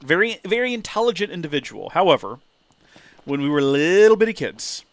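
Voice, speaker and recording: Animated man streaming a game. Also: fairly quick, dry recording. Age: 30s. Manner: animated, jumps into high exclaiming voices when excited. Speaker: let's play streamer. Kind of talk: casual gameplay commentary and storytelling.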